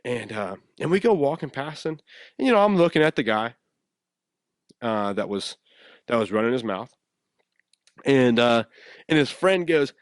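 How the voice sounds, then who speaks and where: Animated young man telling a story. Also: medium pitch, normal speed, pauses often, no echo, studio quality. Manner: animated, laughs often, repeats words while telling a story. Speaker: podcast host. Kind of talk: casual storytelling monologue.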